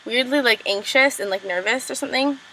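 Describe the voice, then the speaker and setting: A young woman casually recapping a TV episode, full of "like" and "um", quickly acting out characters' lines. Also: a little high, a bit bright, a little hiss or hum, low-quality recording. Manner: chatty, lots of "like" and "um", acts out lines in quick impressions. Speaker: recap vlogger.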